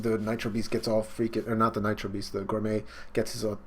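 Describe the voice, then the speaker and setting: A man casually and excitedly recapping a comic chapter in slangy talk during a live stream, jumping into the characters' lines. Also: lowish voice, fast, hardly any pauses, breathy edge. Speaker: online manga reaction host.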